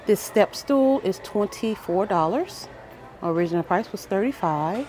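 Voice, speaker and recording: A woman filming a casual walkthrough of a furniture store on her phone, excitedly reading out sale prices and chatting to her viewers. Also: medium pitch, measured pace, soft background music. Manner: excited, reads prices aloud, addresses viewers as guys. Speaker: shopping vlogger. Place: large furniture store, indoors.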